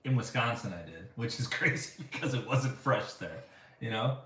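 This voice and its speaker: A man's voice: medium pitch, animated, normal speed, a loud crowd. A man co-hosting a family live stream in an easygoing, teasing way, reading viewer comments aloud. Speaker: co-host reading live chat. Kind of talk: casual live-stream chat. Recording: echoey room, distant mic, faint hiss.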